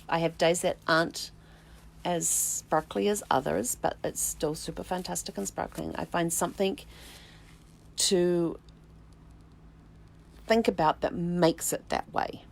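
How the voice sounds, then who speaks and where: A middle-aged woman who hosts a vlog and researches family trees talks directly to her viewers in a low, gravelly voice. She slowly and reflectively recalls a personal story, often restarting sentences or filling pauses with a soft "um." Her intonation stays fairly even.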